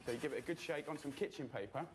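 Male cooking host, loose and chatty, a touch high, recorded with audible noise. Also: racing. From England. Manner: chatty, loose, full of fillers. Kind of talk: casual cooking demonstration.

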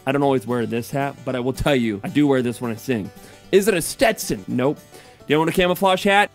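A man's voice: mid-range voice, fairly quick, soft background music. Playful man from the Midwest vlogging. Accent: put-on Southern drawl at times. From American Midwest. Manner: playful, teasing, self-mocking. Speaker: YouTuber. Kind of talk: casual comedic vlog, quiz commentary.

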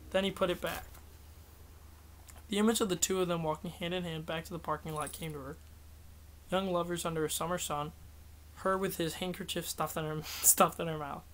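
Man reading a novel aloud, slightly high voice. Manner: steady, self-correcting reading. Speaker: audiobook reader.

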